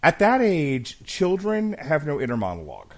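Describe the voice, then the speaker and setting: A man in his thirties co-hosts a podcast, chatting casually and telling stories full of swearing and jokes. His voice is fairly high, his pitch swoops wildly, and he talks at a normal speed.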